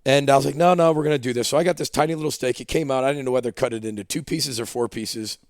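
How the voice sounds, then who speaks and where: Man, football coach, animated storyteller, podcast guest, dry studio sound. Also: mid-range voice, racing, dry recording. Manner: animated storyteller, acts out dialogue. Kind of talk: casual storytelling in podcast interview.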